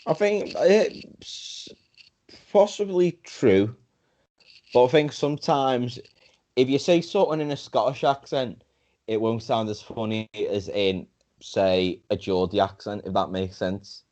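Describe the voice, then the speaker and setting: A young man co-hosting a podcast in casual chat, playful and quick to laugh, often restarting his sentences. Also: medium pitch, a little mellow. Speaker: podcast co-host.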